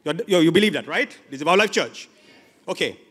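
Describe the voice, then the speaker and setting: A man preaching a sermon as pastor, animated, moving from loud exhortation to quiet asides. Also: a little high, brisk, husky. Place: church hall. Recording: long church reverb.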